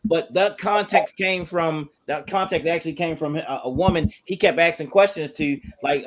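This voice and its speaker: A man on a casual panel discussion, talking quickly with restarts and fillers. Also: fairly high pitch.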